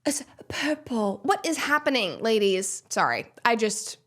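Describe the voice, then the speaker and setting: A woman hosts a casual commentary show in a high, bright-sounding voice. She talks in a sarcastic, animated way and breaks into laughs between points. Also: measured pace. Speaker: show host. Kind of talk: casual pop-culture commentary.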